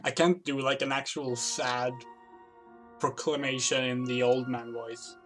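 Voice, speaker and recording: A woman's voice: a bass voice, fairly even intonation, measured pace, faint music behind. Wry woman streamer joking. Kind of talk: casual game commentary.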